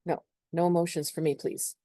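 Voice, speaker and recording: A woman's voice: lowish voice, steady tone, brisk, warm tone, no room sound, clean studio sound, lightly acted. A woman voicing a brusque, independent personified star sign that curtly refuses help. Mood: dismissive. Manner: curt, brushing off help.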